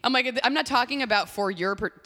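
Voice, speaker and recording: A young woman in casual chat, telling an animated story, swearing freely and acting out what people said. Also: fairly high pitch, quick pace, big-room sound. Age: young adult.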